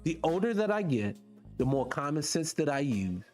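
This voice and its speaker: Lively man talking straight to his viewers. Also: fairly high pitch, normal speed, faint music behind. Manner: animated, keeps asking rhetorical questions; talks directly to the audience as y'all. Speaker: vlog host. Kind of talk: casual monologue to viewers.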